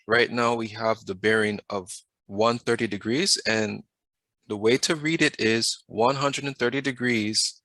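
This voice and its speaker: A man's voice: lowish voice, bright, forceful tone, no echo. A man teaching a math class over a video, often stopping to put questions to the students and waiting for answers. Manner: asks the class questions, patient.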